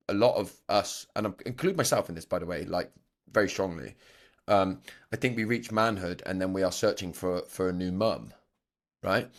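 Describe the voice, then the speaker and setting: A man hosting a podcast interview, reflective and thinking aloud, with frequent restarts. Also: low voice. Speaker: podcast host. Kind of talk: conversational interview.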